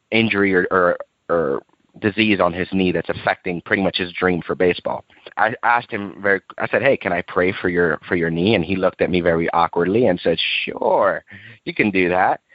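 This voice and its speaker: Young evangelist guy telling his story, acts out the voices, kinda muffled lo-fi recording with no room echo. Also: fairly low pitch. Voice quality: earnest, lively storytelling, acts out quoted dialogue. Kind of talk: personal testimony storytelling. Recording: dull lo-fi dry recording.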